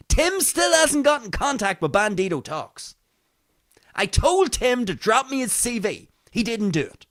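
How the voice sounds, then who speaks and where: A man's voice: high voice, animated, moderate pace, fairly bright tone. A man hosting his own podcast, giving mocking news commentary full of rhetorical questions and casual swearing. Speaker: podcast host.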